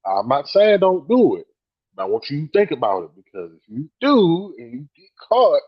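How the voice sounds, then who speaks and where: Casual podcast co-host, male, husky, talks in swinging storyteller bursts, slightly muffled audio. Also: a little high, moderate pace. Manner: animated storytelling, acting out quoted friends; swears freely, many "like" fillers.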